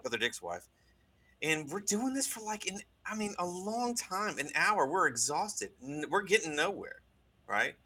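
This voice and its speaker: A man telling a story in casual conversation, animated, with many restarts and asides. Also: high voice, measured pace, slightly rough. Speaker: guest recounting a deliverance.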